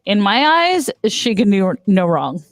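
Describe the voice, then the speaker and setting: A woman's voice: mid-range voice, sing-song, unhurried, no room sound. A woman in her fifties co-hosting a casual livestream chat, chatty and enthusiastic, often laughing. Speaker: co-host.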